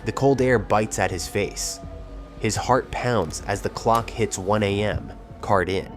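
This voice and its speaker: A man giving scripted documentary narration in a measured, suspenseful storytelling manner. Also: on the low side. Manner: tense, measured storytelling with dramatic pauses. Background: background music.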